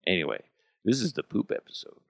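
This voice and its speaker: A man's voice: low-pitched, lively intonation, normal speed, no echo, clean studio sound. A man in his thirties hosting a podcast, telling rambling stories in a casual, self-amused way. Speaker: podcast host. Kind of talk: casual chat.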